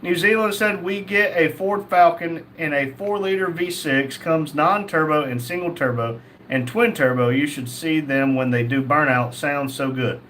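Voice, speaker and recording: A man hosts a casual livestream, reading viewer messages out loud and joking back at them. His voice is a little high and moves at normal speed, with a faint hiss or hum behind it. He's jokey and laughs a lot, quoting the messages in a flat tone.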